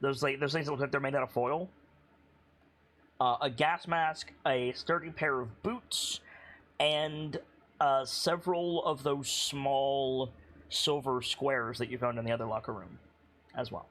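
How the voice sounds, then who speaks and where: A man's voice: medium pitch, steady tone, measured pace, fairly bright tone. A man narrating as game master, describing scenes loosely with many fillers.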